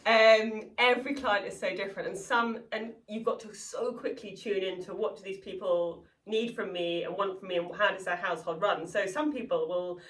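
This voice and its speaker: A woman's voice: mid-range voice, fairly even intonation, moderate pace, hardly any pauses, fairly bright tone. A woman who works as a private chef, talking as a guest in a casual interview and telling stories with lots of "like" and "you know". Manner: chatty, anecdotal, full of "like" and "you know". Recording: echoey room, far from mic.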